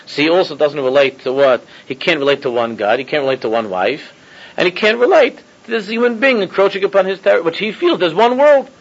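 A husky-voiced man gives an informal Torah class, peppering his talk with Hebrew and Yiddish terms. He circles back, restarts phrases and chuckles as he goes. The recording is dull and lo-fi. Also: a little high, expressive, fast. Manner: mixes Hebrew and Yiddish terms, repeats himself, chuckles often. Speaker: rabbi teaching a class.

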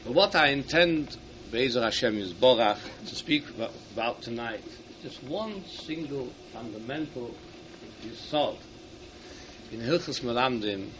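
A man giving a Torah lecture to teachers. He reads Hebrew sources in quick bursts and then explains each one in English. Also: mid-range voice, expressive, fairly bright tone, slight background noise. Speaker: rabbi speaking to teachers. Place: hall at an event.

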